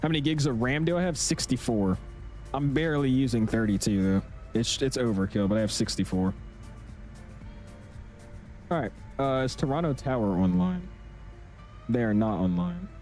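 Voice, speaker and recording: A young man streaming a flight simulator, chatting casually in an excitable, rambling way full of slang. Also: mid-range voice, moderate pace, pauses often, soft background music. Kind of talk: casual livestream chat.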